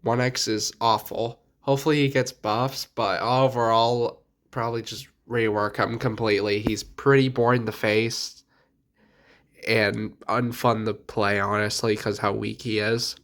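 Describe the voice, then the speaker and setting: A man's voice: lowish voice, flat delivery, unhurried, a bit bright. A young man with a sick voice giving blunt, offhand commentary on game characters in a casual video. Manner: blunt, offhand, mildly crude. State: sick, stuffy voice. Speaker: gaming video creator.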